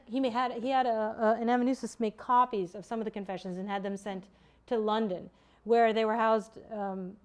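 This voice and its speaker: A woman's voice: mid-range voice, a little mellow, clear, resonant tone. A woman historian giving an academic lecture, thoughtful and explanatory, often restarting and correcting herself mid-sentence. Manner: halting, self-correcting, many restarts.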